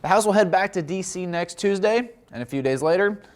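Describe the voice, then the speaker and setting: A man reporting the news in a measured, formal delivery. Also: sits high, lively intonation, soft background music.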